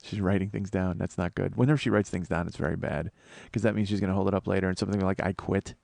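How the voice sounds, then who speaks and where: A man's voice: low-pitched, steady tone, quick pace, vocal fry, a little mellow, no echo. A sleep-deprived man hosting a comedy podcast, rambling in a self-deprecating monologue full of swearing and restarts. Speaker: podcast host.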